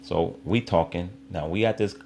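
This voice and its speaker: A middle-aged man from Israel, an interview guest and basketball coach, telling a story in a relaxed conversation and acting out the voices of the people in it. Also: low voice, normal speed, a little hiss or hum. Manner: lively raconteur who acts out quoted voices.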